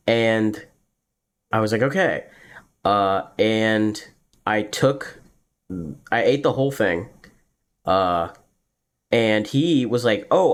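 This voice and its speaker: Low-voiced young man telling a rambling story. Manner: rambling, filler-heavy, laughs at his own story. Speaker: podcast host. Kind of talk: casual storytelling.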